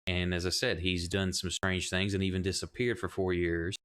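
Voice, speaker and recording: A man's voice: low-pitched, flat delivery, normal speed, fairly bright tone, clean tone. A man voicing an aloof, dismissive male librarian who talks down to visitors in a tabletop role-play. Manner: curt and condescending.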